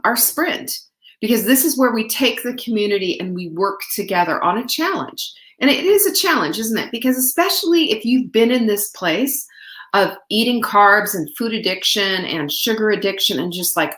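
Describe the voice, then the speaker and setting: A middle-aged woman hosts a casual livestream in an animated, medium-pitched voice at normal speed, with a roomy sound. She's chatty and warm-hearted, laughs often, and greets viewers by name.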